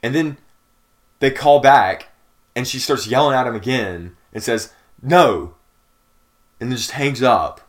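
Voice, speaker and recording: A man's voice: medium pitch, lively intonation, measured pace. A young man co-hosting a podcast, telling a long story in casual chat with lots of fillers and restarts. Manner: rambling storyteller, many fillers. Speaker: podcast co-host.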